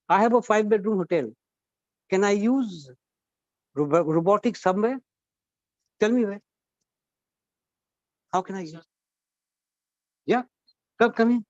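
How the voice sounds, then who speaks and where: A high-voiced man runs a lively college workshop, pushing shy students to speak up. The sound is dry and a little muffled. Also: measured pace, pauses often, no room sound. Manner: coaxing, asks the class questions. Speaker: guest trainer at a college workshop. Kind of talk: interactive classroom talk.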